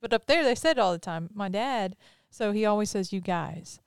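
A woman's voice: mid-range voice, animated, moderate pace, clear, resonant tone, dry recording, studio quality. A woman from Mississippi with a Southern accent mixed with some Northern, hosting a casual podcast chat. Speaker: podcast host.

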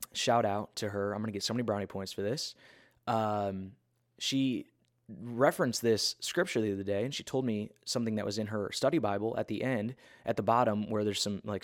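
A man's voice: lowish voice, dry recording, studio quality. A man giving a casual, earnest Bible talk in a conversational, self-deprecating way.

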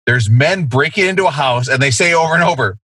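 A man's voice: fairly high pitch, fast, slightly rough, no echo. A middle-aged man hosting a podcast, chatting casually with lots of swearing and laughter. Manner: profane, animated, laughing. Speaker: podcast host. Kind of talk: casual chat.

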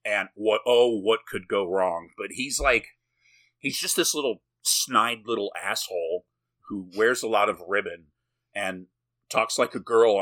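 A man co-hosts a podcast and recaps a film in casual, rambling chat, joking, swearing and laughing often. His voice is fairly low in pitch with a fairly bright tone.

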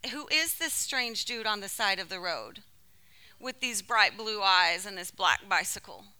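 A woman from California delivering a sermon by telling a personal story in an animated, emotional way. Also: medium pitch, measured pace, clear, resonant tone. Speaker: speaker.

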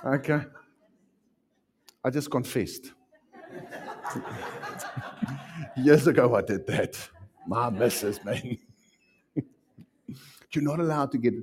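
A man preaching a sermon as pastor, animated and acting out little voices as he teaches. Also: mid-range voice. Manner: animated, acts out voices, laughs often.

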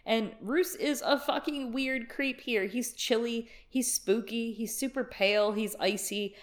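A woman's voice: on the high side, unhurried. A woman co-hosting a podcast, recapping a book in a wry, jokey way. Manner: wry, jokey, puts on voices in quotes. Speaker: podcast co-host. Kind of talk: casual book discussion.

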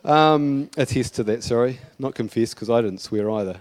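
A man's voice: medium pitch, expressive, brisk, hardly any pauses, darkish tone, no echo. A male pastor preaching a sermon in a casual, chatty way, with asides and light humour.

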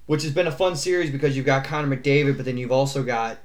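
A man's voice: mid-range voice, fast. Casual, rambling male podcast co-host. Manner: rambling, swears casually, many fillers and restarts. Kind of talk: casual sports chat.

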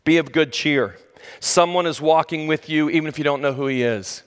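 A man preaching a sermon who talks straight to his listeners and swings between loud, high exclamations and low, hushed lines. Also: moderate pace, smooth. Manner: conversational, addresses the listeners directly. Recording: long reverb of a large hall.

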